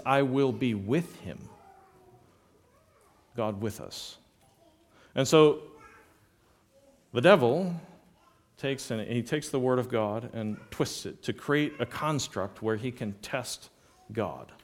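Man preaching an expository sermon. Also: mid-range voice. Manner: expository preaching, reads scripture aloud, swells in emphasis.

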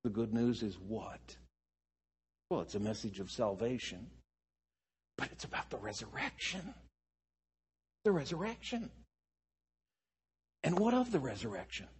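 A man preaching a slow, deliberate Bible teaching sermon, asking rhetorical questions and answering them. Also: medium pitch, animated, in a large hall, slight background noise.

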